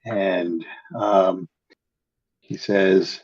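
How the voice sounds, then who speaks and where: Low husky guy gm'ing a tabletop game, slow and hesitant, muffled lo-fi. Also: steady tone, a little mellow. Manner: hesitant, lots of ums and restarts. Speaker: game master. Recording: dull lo-fi recording.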